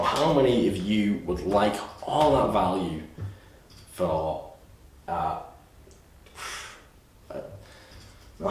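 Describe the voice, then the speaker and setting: A man giving an energetic, salesy course pitch at a whiteboard, often repeating himself. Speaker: course presenter. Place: room with a whiteboard. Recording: echoey room, distant mic, faint hiss.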